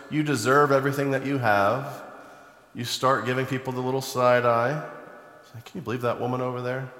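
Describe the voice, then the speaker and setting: A man preaching a sermon, retelling a Bible story in a conversational storytelling way and turning animated when he acts out the people in it. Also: medium pitch. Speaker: pastor. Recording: echoey hall, long reverb.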